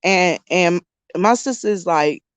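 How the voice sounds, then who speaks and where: A woman's voice: on the low side, measured pace, smooth, dry recording. A woman around fifty, chatting casually to her viewers, telling a story with frequent laughter and calling them y'all. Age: 50s. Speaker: YouTube vlogger.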